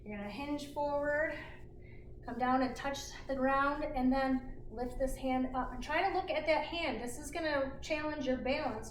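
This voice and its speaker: A middle-aged woman leading a kids' exercise class, encouraging and counting reps aloud. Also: high-pitched. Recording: roomy, distant, faint noise.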